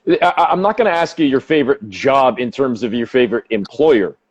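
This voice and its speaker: A man's voice: mid-range voice, lively intonation, a little fast, husky. A man from Canada hosting an interview, asking long rambling questions. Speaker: podcast host. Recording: dull lo-fi audio.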